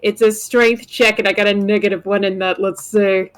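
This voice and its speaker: A woman player in a tabletop role-playing game, blunt and quick to swear. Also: mid-range voice, little pitch movement. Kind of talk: casual tabletop game play.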